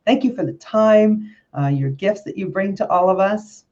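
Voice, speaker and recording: An upbeat woman hosting an interview, warmly encouraging her guest and her listeners. Her audio is a little dull and lo-fi, muffling the top end of her voice. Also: mid-range voice, moderate pace. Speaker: host.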